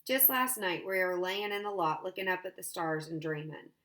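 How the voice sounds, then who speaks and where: A woman's voice: fairly low pitch, expressive, normal speed, fairly bright tone. A woman voicing a moody fourteen-year-old boy who sounds sullen and upset. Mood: tearful.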